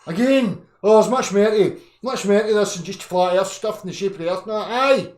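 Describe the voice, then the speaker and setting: A man in his thirties ranting angrily on a live chat, profane, swinging from low muttering to shouting. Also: moderate pace, reverberant. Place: indoor room.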